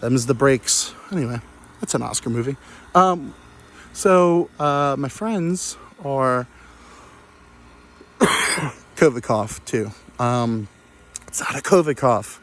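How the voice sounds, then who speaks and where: A man's voice: mid-range voice, expressive, slow pace, a bit bright. A young man hosting a comedy podcast, telling a crude, self-mocking story full of digressions. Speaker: podcast host. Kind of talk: rambling comic storytelling.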